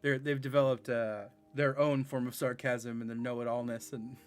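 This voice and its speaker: A man's voice: medium pitch, little pitch movement, moderate pace. A man in his thirties chatting casually while streaming a game, rambling, sarcastic and laughing often. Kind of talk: casual live-stream chat.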